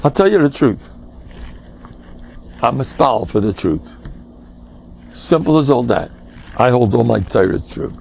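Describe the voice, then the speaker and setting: A man's voice: mid-range voice, expressive, a little slow, vocal fry, long pauses, darkish tone, slight background noise. An older man, a rabbi giving an informal Torah class, emphatic and joking, mixing in Yiddish and Hebrew words. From United States.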